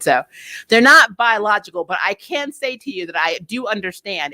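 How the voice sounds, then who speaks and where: A woman hosting a casual spoiler review of TV episodes, talking in an animated way with sarcastic asides and frequent laughter. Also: fairly low pitch. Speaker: TV show reviewer, channel host.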